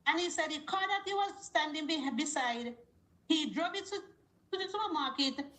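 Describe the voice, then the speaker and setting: A woman's voice: sits high, moderate pace, roomy sound, poor audio. A woman calls in and tells her story, acting out both sides of the conversation. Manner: animated storytelling with quoted dialogue. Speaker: caller. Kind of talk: call-in story.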